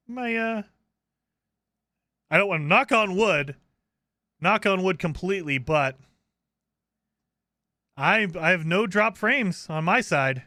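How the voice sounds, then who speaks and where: A man's voice: high-pitched, slow, long pauses, dry recording. A man streaming a video game, chatting casually and animatedly with his viewers. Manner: animated, talking to chat. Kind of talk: casual live gameplay chat.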